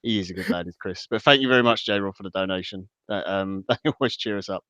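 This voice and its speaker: A man talking football as a podcast guest, measured and thinking aloud, over slightly dull call audio. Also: sits low, pushed and bright, no room sound. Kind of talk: casual football analysis.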